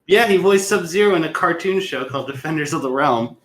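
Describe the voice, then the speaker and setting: A man's voice: fairly high pitch, lively intonation, a little fast, a bit bright. A man co-hosting a casual podcast, congested from a cold, eager and jokey. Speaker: podcast co-host. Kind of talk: casual chat.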